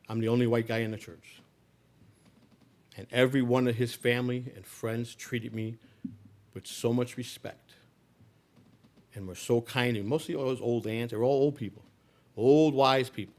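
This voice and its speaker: A man's voice: mid-range voice, fairly even intonation, normal speed, pauses often, a little mellow. A man telling a personal story in a live speech, blunt and profane, with frequent restarts. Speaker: speaker.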